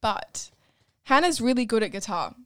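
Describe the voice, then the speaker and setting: A woman's voice: on the high side, lively intonation, normal speed, clean tone, no room sound, studio quality. Young woman, chatty podcast co-host. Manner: chatty, with frequent restarts and laughs. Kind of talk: casual chat.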